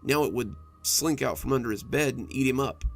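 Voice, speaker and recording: A man narrating horror stories in an expressive storytelling manner. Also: mid-range voice, a little fast, creaky.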